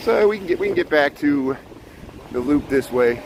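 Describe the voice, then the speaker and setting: A vlogger live-streams as he bikes through city streets, chatting casually, thanking viewers and making nervous asides. His voice is on the high side with lively intonation at a moderate pace. The street mic catches wind, traffic and city noise.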